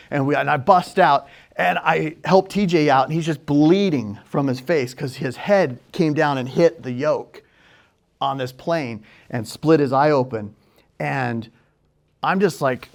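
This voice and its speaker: A young man telling a personal story, moving from hushed and quiet to loud and excited. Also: on the high side. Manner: quiet and hushed in places, then loud and excited, acting out shouts.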